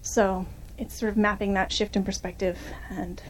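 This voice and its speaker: A woman's voice: medium pitch, flat delivery, normal speed. A young woman filmmaker answering audience questions after a screening, in a chatty way full of fillers and restarts.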